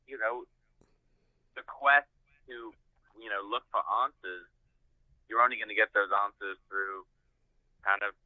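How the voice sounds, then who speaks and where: Man, guest, low pitch, speculative, tinny call line. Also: no echo. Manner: thoughtful, speculative. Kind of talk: casual interview answer. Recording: dry, tinny phone-like line.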